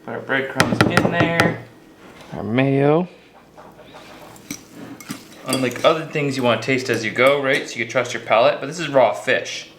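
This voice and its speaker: A man talks through a recipe in a casual, rambling way, joking at his own expense as he cooks. His voice sits at an ordinary middle pitch. The kitchen sounds roomy and echoey, with clearly audible clatter of dishes and pans behind him. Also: measured pace, pauses often, noisy background. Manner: joking, self-mocking, rambling. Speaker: outdoor cooking show host. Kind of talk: casual cooking demonstration.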